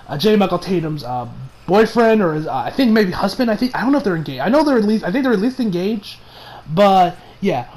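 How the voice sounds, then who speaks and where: A man's voice: high-pitched, darkish tone, low-quality recording. A young man casually reviewing an anime episode, rambling, swearing and often breaking into laughter.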